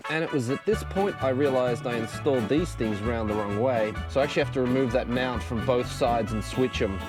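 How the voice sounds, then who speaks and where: A car vlogger films himself in his garage while working under a car, grumbling, swearing at the job and cracking jokes at his own expense. His mid-range voice moves a little fast over background music, picked up by an external mic on an action camera.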